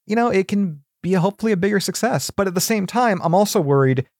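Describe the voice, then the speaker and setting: A man's voice: high-pitched, lively intonation, quick pace, darkish tone, no echo. Rambling man with a dry close sound. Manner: rambling, lots of fillers and restarts. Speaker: podcast guest. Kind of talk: casual chat.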